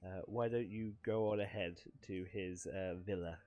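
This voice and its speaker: Brief: man voicing a composed female game mentor, read flat and low-key, barely put on. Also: normal speed, close to an everyday voice. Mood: calm.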